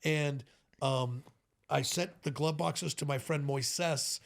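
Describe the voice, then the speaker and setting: A middle-aged man, a custom motorcycle builder, telling animated stories as a podcast guest and often laughing between them. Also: fairly high pitch, takes it slowly, gravelly. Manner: animated, tells stories with quoted voices and frequent laughs. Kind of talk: casual storytelling in a podcast interview.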